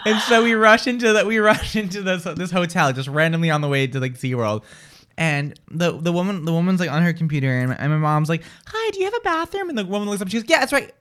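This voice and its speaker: A young man hosting a casual morning radio show, telling stories in an animated way and acting out the voices of the people in them. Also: a little high, fast.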